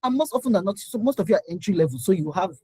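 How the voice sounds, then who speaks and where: Woman, motivational speaker, lively swooping delivery, husky voice, dry close sound. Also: medium pitch, rapid-fire, dry recording, poor audio. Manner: animated, exhorting, laughs often. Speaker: career speaker. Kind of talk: motivational talk to an online session.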